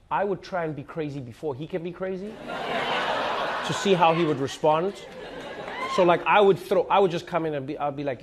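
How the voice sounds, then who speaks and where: A man's voice: on the high side, fairly quick, a crowd in the background, background noise. A man performing a stand-up comedy routine, joking and laughing through his punchlines.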